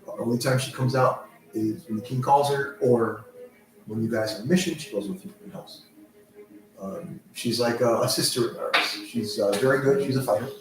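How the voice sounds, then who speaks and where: A man's voice: mid-range voice, normal speed, faint music behind. A man narrating a tabletop role-play game as game master, rambling loosely with many fillers. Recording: echoey room, mic far off, faint noise.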